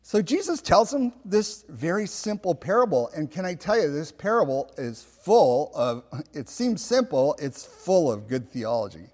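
Man, pastor, sermon, unhurried, lively pitch swings, reverberant sanctuary. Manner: slow and emphatic, with rhetorical questions.

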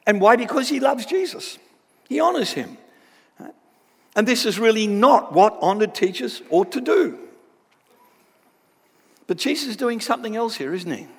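An academic man gives a lively Bible lecture and keeps checking in with tag questions. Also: very high voice, moderate pace, creaky, long pauses, slightly rough, big-room sound. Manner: animated, with frequent tag questions.

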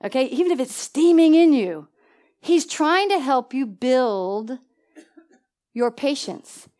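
A woman preaching a sermon in an animated way, with laughing asides and questions to the congregation. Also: high-pitched, slow.

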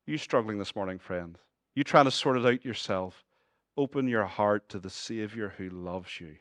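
A man with a Northern Irish accent preaching a sermon as pastor, moving between lively humorous asides and hushed, earnest appeals to his listeners. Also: lowish voice, moderate pace, no room sound. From Northern Ireland.

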